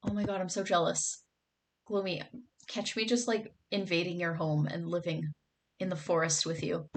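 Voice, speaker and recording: A woman's voice: lowish voice, steady tone, moderate pace. A young woman streaming, chatting casually with her viewers and reading their comments aloud, gushing and bubbly, with lots of "like" and "oh my god".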